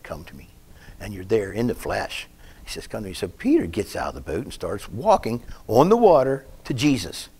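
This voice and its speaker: A man with a fairly low voice preaching a sermon. He tells his stories in a folksy, rambling way and drifts into asides about himself. When he stresses a point, his voice climbs and gets louder. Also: slightly rough. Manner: folksy, rambling storyteller who breaks off to comment on himself.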